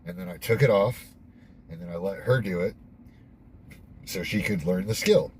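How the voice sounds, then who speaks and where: A young man with a fairly low voice talks through a devotional reading in a loose, candid way, stopping to reflect and dropping the odd swear word. A faint hiss sits underneath him. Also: normal speed. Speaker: host. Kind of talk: casual devotional monologue.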